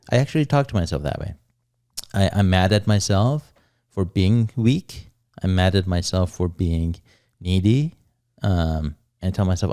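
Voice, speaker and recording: Very deep-voiced blunt man. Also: normal speed, mellow. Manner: blunt, profane, self-critical. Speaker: podcast co-host. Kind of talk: casual chat.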